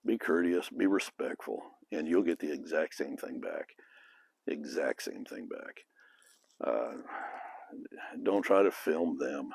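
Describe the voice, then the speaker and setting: Very deep, husky-voiced blunt man. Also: slow pace, pauses often, a little mellow, dry recording. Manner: blunt and frank, with occasional profanity. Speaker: former police officer giving advice. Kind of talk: casual advice monologue.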